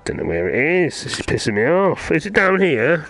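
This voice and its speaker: An irritated man mutters and swears his way through a video game. His voice is bright and sits a little high, and his pitch jumps around a lot as his frustration boils over. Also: very animated, moderate pace. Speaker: gamer playing through a VR game. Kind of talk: angry gameplay commentary.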